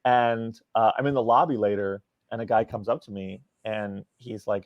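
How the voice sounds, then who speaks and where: A man's voice: on the low side, moderate pace, few pauses, no room sound. Man telling a story over a dull, dry line. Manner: animated storyteller acting out quoted dialogue. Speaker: guest, comic book writer. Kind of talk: casual anecdote in a podcast interview.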